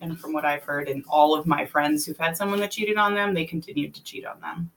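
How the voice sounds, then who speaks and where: A woman's voice: low voice, steady tone, fairly quick, fairly bright tone, low-quality recording. A young pregnant woman co-hosting a casual talk show, teasing and laughing a lot. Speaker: co-host. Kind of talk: casual chat.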